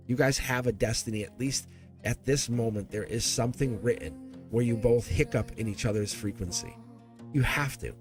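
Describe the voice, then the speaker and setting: Chatty tarot reader, lively man. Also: mid-range voice. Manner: chatty, teasing, laughs often. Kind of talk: live-stream tarot reading. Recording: music playing behind the voice. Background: background music.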